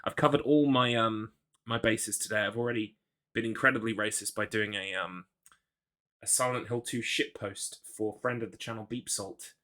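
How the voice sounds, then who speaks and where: A man's voice: fairly low pitch, steady tone, moderate pace, pushed and bright. A man from the UK streaming a game, chatting casually and rambling, poking fun at himself and reading chat aloud. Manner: rambling, self-deprecating, reads chat aloud.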